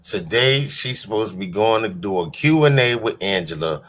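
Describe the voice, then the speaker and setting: A man's voice: on the low side, lively intonation, moderate pace, a bit bright. A man hosting a livestream, giving casual, dismissive commentary. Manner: dismissive, mocking, loose. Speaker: livestream host.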